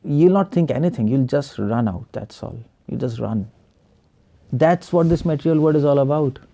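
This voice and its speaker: Guy teaching a spiritual class over video call, mellow low tone, keeps asking the class questions and laughing a bit. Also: lively intonation, normal speed, creaky. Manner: asks the class rhetorical questions, chuckles often. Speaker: preacher.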